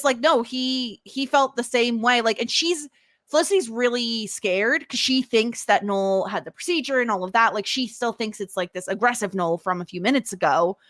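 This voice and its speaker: A woman's voice: on the high side, a bit bright, dry recording, clean studio sound. A woman hosting a podcast, casually recapping a TV episode in a chatty way, with many restarts and laughs. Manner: chatty, lots of fillers and restarts, laughs while retelling scenes. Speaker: podcast host.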